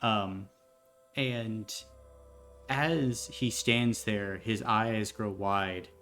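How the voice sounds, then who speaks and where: A woman game master narrating a tabletop game in a hesitant way, with many fillers and pauses. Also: rumbling low, fairly bright tone, faint music behind.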